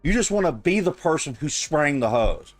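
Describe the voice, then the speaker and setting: A man's voice: a little high, sing-song, normal speed, dry recording. A man streaming, reacting to a clip in casual, blunt, profane and mocking commentary on a close mic.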